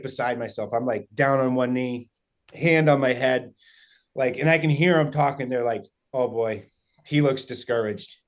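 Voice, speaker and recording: A young New England man tells a story in a loose, excited ramble, stumbling over his words and tossing in fillers. He sounds like a guest chatting on a podcast. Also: mid-range voice. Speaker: guest hunter. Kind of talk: casual storytelling.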